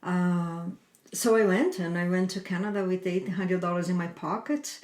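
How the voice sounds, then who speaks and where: A middle-aged woman telling her life story as a guest in a conversation, in earnest, halting speech with non-native phrasing. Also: on the low side, fairly even intonation, darkish tone. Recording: roomy echo.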